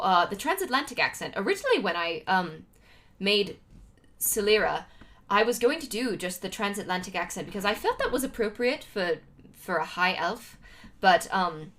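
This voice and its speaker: A woman's voice: on the low side, fairly bright tone. A young woman from Utah, a streamer chatting casually to her livestream, rambling with lots of fillers and restarts. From Utah, United States. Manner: rambling, with many fillers and restarts and frequent laughs.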